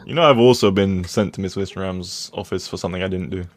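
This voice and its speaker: A man's voice: sits low, fast, no room sound. A young man chatting casually as a podcast co-host, reacting to stories and laughing. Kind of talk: casual chat.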